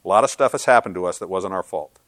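A man preaching a sermon as pastor, earnest and swinging from loud to hushed. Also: low voice, fast talker, dry recording.

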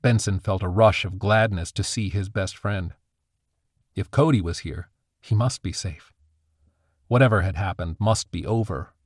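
A man giving a steady, scripted audiobook narration. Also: deep voice, unhurried, no echo, studio quality.

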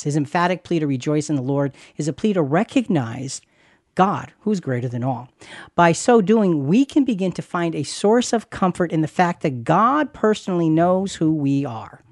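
A man's voice: a little high, dry recording, studio quality. A man who is a pastor and podcast host, talking earnestly and reassuringly about faith, repeating phrases for emphasis. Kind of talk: conversational Christian podcast teaching.

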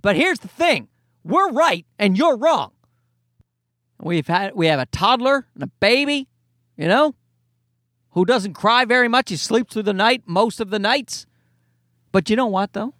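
A man's voice: high-pitched, expressive, unhurried, long pauses, fairly bright tone, no echo, clean studio sound. A man in his thirties hosting a podcast, ranting in a casual comedic way, exasperated and profane, rambling with restarts. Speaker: podcast host.

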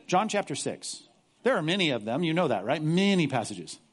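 Man, pastor, sermon, lively pitch, sarcastic, animated preaching. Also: normal speed.

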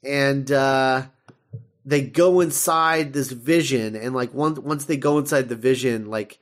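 A man's voice: medium pitch, a little slow. Man, podcast co-host, casual recap, giggly, loose filler-heavy delivery. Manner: chatty, laughs often, many fillers while retelling.

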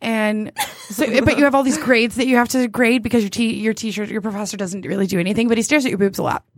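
A woman's voice: on the high side, fairly even intonation, fast, dry recording, clean studio sound. A young woman co-hosting a casual chat, rambling through stories with lots of "like" and frequent laughter. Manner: laughs often, rambling storyteller with many "like"s. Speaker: podcast co-host.

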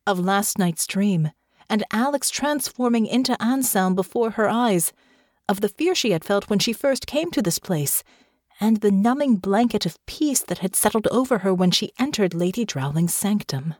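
A woman narrating a fantasy novel as an audiobook in an expressive storytelling manner. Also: on the low side, dry recording, clean studio sound. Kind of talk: scripted narration.

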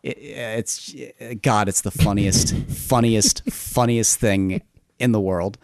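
Low-voiced male co-host, rambling and enthusiastic, dry sound. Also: fairly even intonation, slow, darkish tone, no echo. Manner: enthusiastic, rambling, laughs often. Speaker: podcast co-host. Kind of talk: casual chat.

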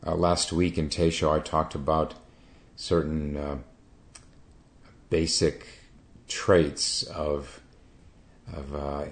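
A man giving a Zen dharma talk as teacher, halting, with many hesitations and restarts. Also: rumbling low.

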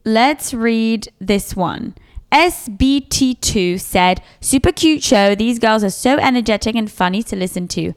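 A woman's voice: on the high side, lively intonation, measured pace, clear, resonant tone. A woman co-hosting a podcast in casual chat, blunt and teasing, swearing freely. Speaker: podcast co-host.

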